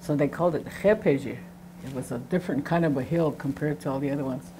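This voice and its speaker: A woman's voice: low voice, fast, mellow, slight background noise. A woman teaching a language class, patiently repeating sounds to demonstrate them. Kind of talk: classroom lesson.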